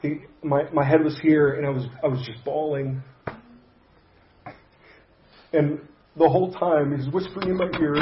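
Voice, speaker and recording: A man pastor telling a personal story in a sermon, conversational and halting, with frequent restarts. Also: on the high side, steady tone, reverberant, muffled recording, a little hiss or hum. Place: church sanctuary.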